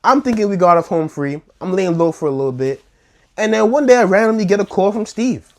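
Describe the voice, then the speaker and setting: A young man telling a wild story in a slangy, animated vlog, acting out the scenes. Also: high voice, a little fast. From New York.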